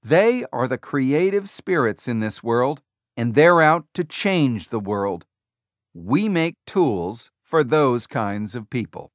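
A male audiobook narrator quoting a confident tech executive giving a keynote, in a deliberate, emphatic, slower delivery. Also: medium pitch, very animated, no echo, clean studio sound. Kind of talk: quoted speech within audiobook narration.

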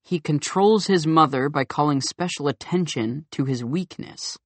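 A man's voice: fairly high pitch, moderate pace, no echo, natural voice. A man voicing a skeptical young man who challenges a teacher with pointed questions and retorts in an audiobook dialogue.

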